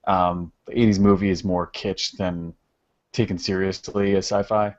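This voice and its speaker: A man's voice: sits low, little pitch movement, normal speed. A man hosting a podcast with casual, wry, teasing banter. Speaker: podcast host. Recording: dull lo-fi podcast audio.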